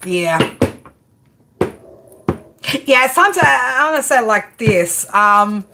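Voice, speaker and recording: Woman, tarot streamer, casual and crude, animated pitch, noisy home mic. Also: slow pace, vocal fry. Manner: casual, profane, laughs often, talks back to chat. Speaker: tarot reader. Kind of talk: live stream tarot reading, chatting with viewers.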